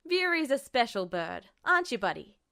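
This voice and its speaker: A woman's voice: on the high side, sing-song, moderate pace, gravelly, bright, forceful tone, voice pushed up, exaggerated voice. A woman voicing a cheerful young male soldier who scolds and soothes, in an audiobook. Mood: exasperated. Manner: yelping, scolding. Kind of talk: audiobook character voice.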